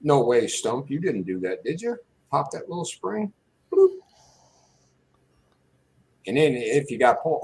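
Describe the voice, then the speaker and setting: A man's voice: medium pitch, big pitch swings, measured pace, pauses often, darkish tone, a little hiss or hum, low-quality recording. Brief: man, mid-range voice, easygoing jokey co-host swapping stories. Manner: chatty, jokey reminiscing. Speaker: podcast co-host. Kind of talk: casual chat.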